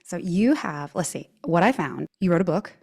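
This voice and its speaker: A woman's voice: fairly low pitch, animated, moderate pace, vocal fry, a little mellow, slightly rough. A woman with a Southern US twang, hosting a casual interview in a bubbly, gushing way. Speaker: podcast host.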